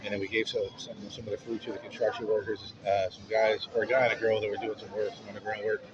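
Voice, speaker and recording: A man's voice: lowish voice, little pitch movement, fast talker, a crowd in the background. A man telling a personal story in a casual, frank way, swearing freely. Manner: frank, profanity-laced. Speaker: vlogger. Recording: muffled, noisy street sound.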